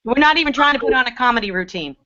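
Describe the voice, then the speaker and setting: A woman's voice: a little high, expressive, rapid-fire, bright, forceful tone. A woman parent on an online panel, amused and chatty. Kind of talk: casual video-call chat. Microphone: video call. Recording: dull lo-fi video call audio.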